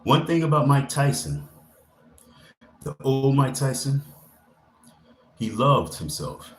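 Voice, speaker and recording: A man's voice: medium pitch, expressive, slow pace. A man hosting a casual motivational live stream. He rambles through a loose, slangy pep talk. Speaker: livestreamer. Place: indoor room. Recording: echoey room with faint ambient noise.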